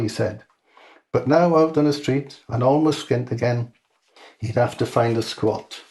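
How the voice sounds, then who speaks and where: A man reading his own comic short story aloud in a dry, deadpan manner. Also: mid-range voice, measured pace.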